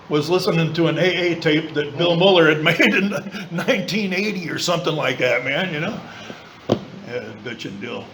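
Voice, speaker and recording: A man speaking at a recovery meeting, telling his story in a blunt, colloquial way with some swearing and quick impressions of other people. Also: a little high, a little hiss or hum, rough recording. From southern California. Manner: mimics voices of others in quoted lines. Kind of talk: personal recovery talk. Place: meeting room.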